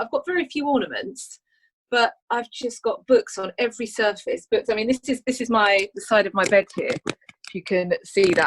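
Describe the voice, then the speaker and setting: A woman's voice: medium pitch, fairly bright tone, rough recording. A woman, a crime writer, chatting on an online panel, self-mocking and asking the others questions. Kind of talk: casual online panel chat. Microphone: video call.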